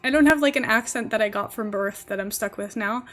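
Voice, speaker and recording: A woman's voice: fairly high pitch, brisk, a bit bright, soft background music. A young Dutch-born woman streamer with a mixed American-British accent, chatting casually in a rambling way with lots of fillers. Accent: mixed Dutch-born English, partly American, partly British. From Netherlands. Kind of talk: casual chat while game streaming.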